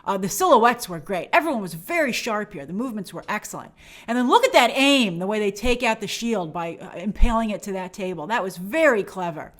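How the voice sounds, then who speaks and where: A woman's voice: medium pitch, animated, brisk, fairly bright tone. A woman hosting a review show, giving a chatty and enthusiastic breakdown of a TV episode and sometimes acting out the characters' lines. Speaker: film and TV review show host. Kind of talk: casual episode breakdown commentary.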